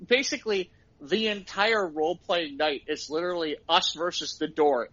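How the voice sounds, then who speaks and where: A middle-aged man, a podcast co-host, telling excited stories in casual chat and laughing at them himself. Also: a little high, moderate pace, muffled recording. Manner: excitable storyteller, laughs at his own stories.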